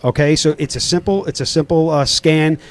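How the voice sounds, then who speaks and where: A man's voice: a little high, steady tone, brisk, dry recording. A middle-aged man from Queens with a New York accent, hosting a casual podcast interview and rambling with lots of fillers and restarts. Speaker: podcast host.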